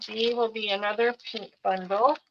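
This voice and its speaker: A middle-aged woman slowly showing off craft supply bundles piece by piece on a live sales show. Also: a little high, fairly even intonation, dull audio, background noise. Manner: unhurried, listing items one by one.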